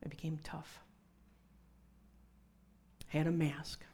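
A woman's voice: deep voice, level tone, slow pace, dark tone, husky. A middle-aged woman preaching a conversational sermon with personal testimony, dropping to whispers for emphasis.

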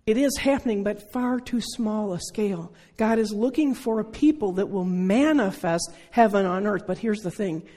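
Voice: medium pitch, moderate pace, few pauses, warm tone. A preacher in their sixties giving an earnest, conversational sermon full of rhetorical questions. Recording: long reverb of a large hall.

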